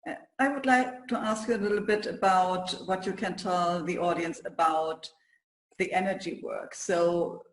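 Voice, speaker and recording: A man with a high voice hosts an interview, asking his questions hesitantly with many fillers. His voice rings out in an echoey room. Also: fairly even intonation, a little slow, a bit bright. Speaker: host, interviewer. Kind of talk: interview conversation.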